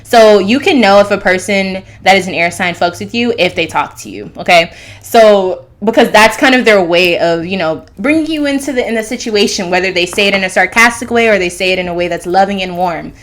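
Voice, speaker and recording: A woman's voice: medium pitch, brisk. A woman hosting her own astrology channel, talking casually and loosely, jumping between thoughts. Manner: loose, rambling, fillers and restarts. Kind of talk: casual monologue.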